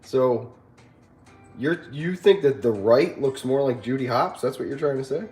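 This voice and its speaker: A man's voice: medium pitch, unhurried, darkish tone. A man hosting a casual livestream, chatting with his viewers and telling a story with frequent laughs. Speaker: livestream host. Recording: roomy echo with faint music.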